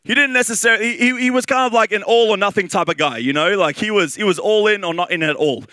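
A man with an Australian accent preaching a sermon in a lively, conversational way, with fillers and repeated phrases. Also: sits high, quick pace, no room sound.

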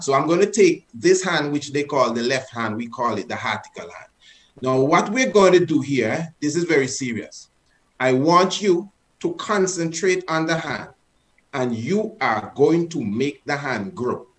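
A man leads a group exercise over a video call. His voice sits slightly high and turns earnest and coaxing. He presses harder and harder as he repeats his instructions. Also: fairly bright tone. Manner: earnest, coaxing, repeats commands with rising force. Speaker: presenter leading an online session.

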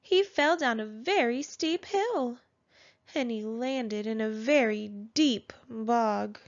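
A woman reading a children's picture book aloud with gentle, measured storytelling. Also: fairly high pitch. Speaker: storybook narrator. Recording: dull lo-fi sound.

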